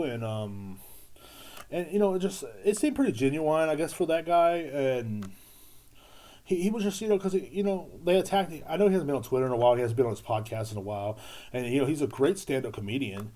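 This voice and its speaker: A young man rambles through a crude comedic podcast monologue, circling back on himself with fillers and repeated phrases. His voice is mellow and warm at an ordinary middle pitch. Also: expressive, brisk. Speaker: podcast host.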